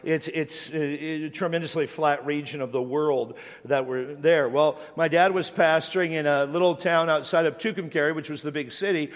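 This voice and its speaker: A man's voice: on the high side, moderate pace, few pauses. A middle-aged American man preaching a sermon, telling stories from his life in a conversational way and repeating place names. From United States. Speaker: pastor. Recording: long hall reverb.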